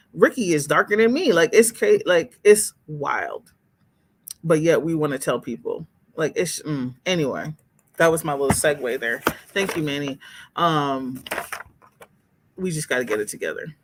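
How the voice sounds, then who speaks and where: A woman hosting a livestream in casual chat, speaking candidly and expressively to viewers as she reads their comments. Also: deep voice. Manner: candid and expressive, exclaims and laughs, talks straight to viewers.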